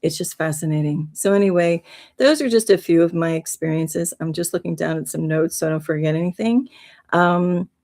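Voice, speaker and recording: A woman's voice: fairly low pitch, fairly quick, darkish tone. A woman hosting a livestream, telling a heartfelt spiritual story in an earnest, rambling way. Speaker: livestream host.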